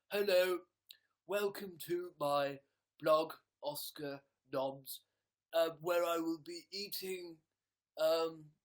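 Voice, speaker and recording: Man playing a pompous food reviewer, mock-grand, slow and formal. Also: a little high, low-quality recording. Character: pompous male food blogger.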